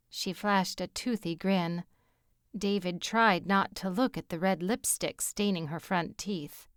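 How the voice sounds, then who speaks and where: A woman narrating an audiobook in a measured, even storytelling manner on a close mic. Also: mid-range voice, clean tone, no echo. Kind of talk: scripted narration.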